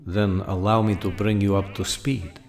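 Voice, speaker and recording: Low-voiced man narrating a game, reverb. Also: steady tone, moderate pace, a little mellow, faint music behind. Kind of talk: in-character narration of a tabletop game.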